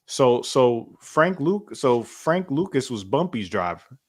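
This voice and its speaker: A man co-hosting a casual podcast at a middle pitch. He talks in a loose, conversational way and keeps circling back with fillers and restarts as he thinks aloud. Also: big pitch swings, slow. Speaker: podcast co-host. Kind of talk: casual chat.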